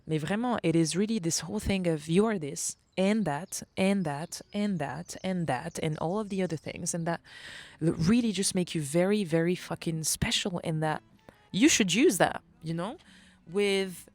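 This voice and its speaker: Solo podcast host, young woman with a French accent, lowish voice, expressive and sweary, mixes in French. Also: moderate pace, no room sound. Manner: animated, swears often, slips into French phrases. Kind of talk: reflective solo podcast monologue.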